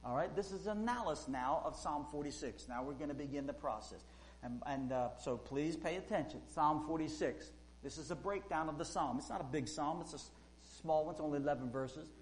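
A man preaching a sermon, fervent and rising loud when he quotes, with frequent fillers. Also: a little high, a little fast, a little hiss or hum, poor audio.

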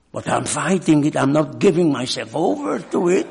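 An older man who isn't a native English speaker preaches a sermon and shares a personal story, halting as he goes and clearing his throat frequently. His voice is a little high, sing-song, and darkish in tone.

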